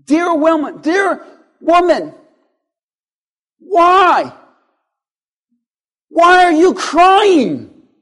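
A male preacher voicing an urgent, incredulous angel in a sermon, drawing out slow, insistent questions. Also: very high voice, big pitch swings, a bit bright, pitched above the performer's own voice, full character voice.

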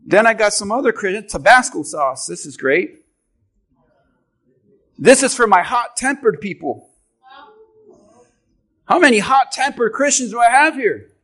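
A man preaching a sermon to his church with an object lesson, animated and swinging from quiet asides to shouting. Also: sits high, unhurried, pauses often. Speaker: pastor.

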